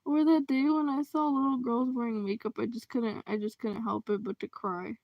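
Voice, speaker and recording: A woman hosting a casual livestream chat, reacting to comments, expressive and quick to laugh. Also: fairly high pitch, gravelly, no room sound, muffled recording.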